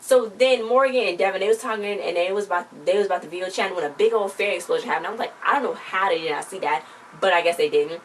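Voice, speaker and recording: A young woman reviewing a TV show speaks fast at a medium pitch, rambling casually through an episode and slipping into playful quoted voices. The mic is distant, with faint background noise.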